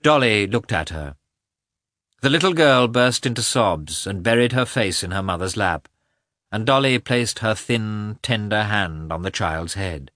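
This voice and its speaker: A man reading a classic novel aloud as narrator, measured and expressive. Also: lowish voice, dry recording, studio quality. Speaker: audiobook reader. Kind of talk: scripted narration.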